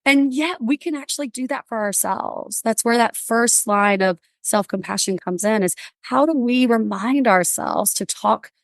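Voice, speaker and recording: Lively storytelling woman, dry close sound. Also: on the high side, moderate pace, few pauses, no room sound. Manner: animated storyteller, acts out quotes. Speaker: guest, counselor. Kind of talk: casual conversational interview.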